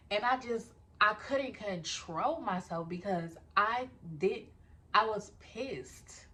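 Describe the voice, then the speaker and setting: A young woman telling a personal story in a casual vlog, talking straight to her viewers, animated and swearing freely. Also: medium pitch, slow pace, a little hiss or hum.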